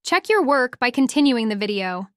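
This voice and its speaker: A middle-aged woman, a first-grade teacher, gives a phonics lesson for young children and sounds out words slowly and clearly. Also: on the high side, sing-song, no room sound, studio quality.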